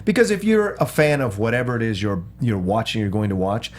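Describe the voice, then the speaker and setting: A man's voice: on the low side, big pitch swings, fairly quick. A man appearing as a guest on a chat show, talking with upbeat enthusiasm. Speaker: guest, theme park performer. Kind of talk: casual chat.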